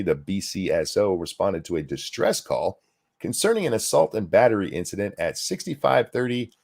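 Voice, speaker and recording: A man reads news stories aloud in a deadpan delivery, pausing for dry, sarcastic asides. His voice sits low, yet his pitch swings widely from phrase to phrase. The tone is casual podcast commentary. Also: creaky. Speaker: podcast co-host reading news.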